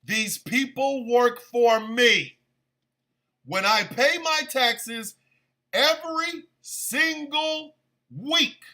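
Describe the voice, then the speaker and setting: A man with a very high, bright voice rants slowly and deliberately as a stream radio host. He swears freely and turns sarcastic and exasperated. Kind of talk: heated political rant.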